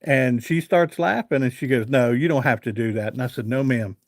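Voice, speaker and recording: This is a man hosting an evening live chat, talking casually and rambling through a story with fillers. His voice sits at an ordinary middle pitch. The sound is dry and close, with no room around it. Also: moderate pace, no room sound. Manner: chatty, rambling with fillers and repeated "I said". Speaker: livestream host.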